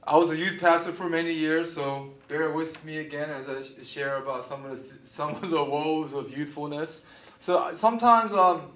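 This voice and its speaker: A man preaching a sermon to a congregation, with a conversational style full of "right?" asides and quick laughs. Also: on the high side, fairly bright tone. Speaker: pastor.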